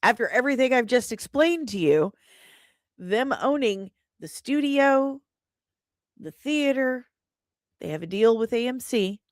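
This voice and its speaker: A woman hosting an opinionated commentary show, sarcastic and quick to laugh. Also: fairly high pitch, lively intonation, no echo, clean studio sound. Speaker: host. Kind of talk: casual commentary.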